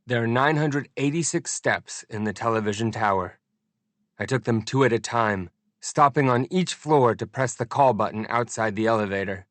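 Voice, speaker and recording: A man narrating a first-person audiobook in an expressive, deliberate storytelling manner. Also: medium pitch, dry recording.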